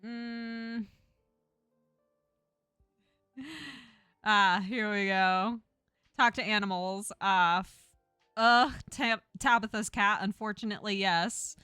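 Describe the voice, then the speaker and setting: A woman streamer from Texas talking casually through a story game and tossing jokey asides to her chat. Her voice is bright and forward, with a close, dry sound and no echo. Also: mid-range voice, fairly even intonation, slow, long pauses, clear, resonant tone, soft background music. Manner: chatty, jokey asides to viewers. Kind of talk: casual gameplay commentary, reading a story game aloud.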